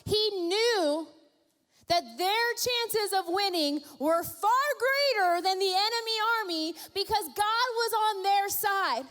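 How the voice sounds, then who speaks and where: A woman's voice: very high voice, takes it slowly, a bit bright, big-room sound. A woman pastor preaching a sermon, telling the story playfully and driving points home with emphatic repetition. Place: church hall.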